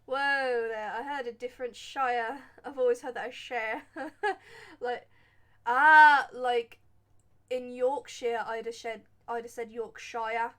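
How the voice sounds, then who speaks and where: A woman's voice: on the high side, steady tone, slow pace, fairly bright tone. A woman from England with an English accent, chatting casually and rambling as she plays a game on stream, laughing at herself. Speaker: gaming streamer. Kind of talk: casual let's-play commentary.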